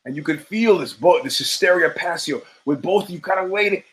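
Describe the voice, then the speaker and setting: Host, middle-aged man, slightly high voice; rambling profane storyteller who acts out his quotes. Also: brisk, fairly bright tone, rough recording. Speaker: show host. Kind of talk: casual monologue.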